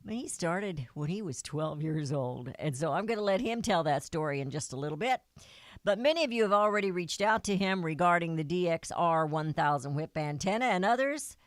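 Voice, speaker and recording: A woman's voice: lowish voice, dry recording. A woman hosting a talk radio show, speaking in an earnest, folksy manner into a studio microphone.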